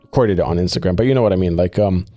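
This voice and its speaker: A man's voice: low-pitched, very fast, dark tone, no room sound, faint music behind. A male podcast host talking casually and enthusiastically with a guest, swearing freely and using lots of fillers.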